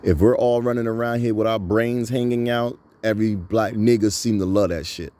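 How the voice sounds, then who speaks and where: A man's voice: fairly low pitch, fairly even intonation, normal speed, warm tone. A man in his thirties giving an emphatic, repetitive preaching monologue as a channel host.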